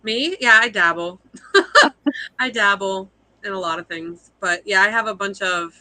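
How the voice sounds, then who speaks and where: A woman's voice: medium pitch, measured pace, pushed and bright, no room sound, poor audio. A young woman, a fiber artist guest, chatting casually on a live video call, rambling and self-deprecating with frequent laughs.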